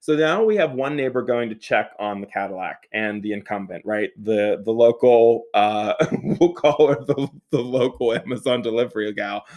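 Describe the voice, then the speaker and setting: A young man telling a comic personal story, animated, laughing often, swearing and making quick asides. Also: mid-range voice, dull audio.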